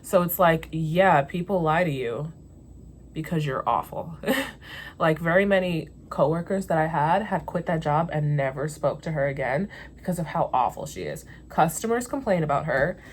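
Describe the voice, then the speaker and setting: A woman's voice: low voice, animated, normal speed, slight background noise. A young woman vlogger telling a story in casual chat, venting candidly and swearing freely.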